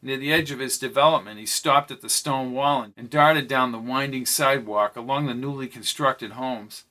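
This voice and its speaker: An audiobook narrator reads a novel aloud in a bright, pushed voice at normal speed. When characters speak, he raises his pitch for their lines.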